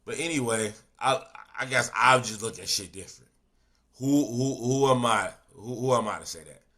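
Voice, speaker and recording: Guy reacting to a video on stream, cussing and asking questions he doesn't want answered, bright tone. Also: medium pitch, normal speed. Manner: profane, animated, full of rhetorical questions. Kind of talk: casual reaction commentary.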